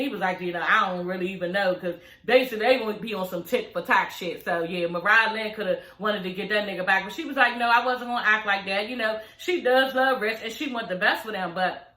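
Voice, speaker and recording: Animated, profane woman in an echoey room. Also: on the high side. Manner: animated, profane, addresses viewers as y'all. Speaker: show recap vlogger. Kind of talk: casual reality-show recap.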